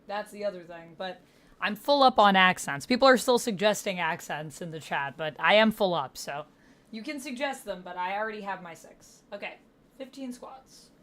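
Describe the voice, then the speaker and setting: A woman's voice: medium pitch, moderate pace, fairly bright tone. A woman streaming live, chatting playfully with her viewers and counting out exercises aloud. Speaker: gaming livestreamer. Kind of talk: casual livestream chat with viewers.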